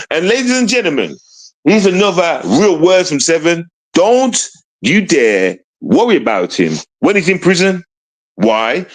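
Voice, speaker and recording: A fairly high, fairly bright male voice comes through a low-quality recording. The show host, streaming live, ridicules someone through a barrage of rhetorical questions and keeps calling out to the people watching.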